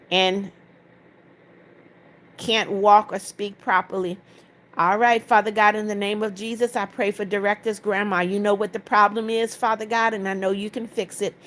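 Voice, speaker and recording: A woman's voice: medium pitch, a bit bright. A woman hosting a livestream, reading viewer comments aloud, answering them directly and praying over requests. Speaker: livestream host.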